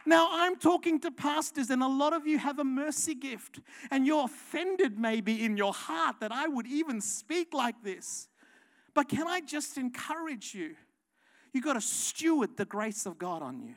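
A woman preaching a passionate sermon, building to loud rhetorical questions. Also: sits high, animated, moderate pace.

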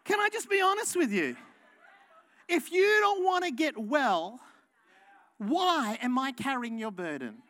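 A woman preaching a passionate sermon, building to loud rhetorical questions. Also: high voice, big pitch swings, measured pace, long pauses.

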